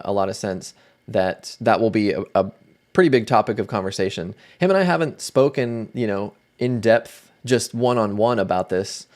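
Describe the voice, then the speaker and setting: A man hosting a casual livestream, chatting in a relaxed way and greeting viewers by name. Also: mid-range voice. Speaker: livestream host.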